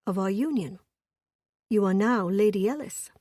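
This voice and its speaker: Woman voicing a firm gentlemanly viscount. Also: medium pitch, moderate pace, no echo, studio quality, natural voice. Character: gallant young viscount husband, firm.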